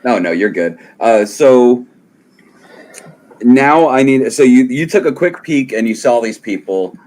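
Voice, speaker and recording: A man's voice: medium pitch, animated, unhurried, darkish tone. A man, running a tabletop game as game master in an easygoing, reassuring way.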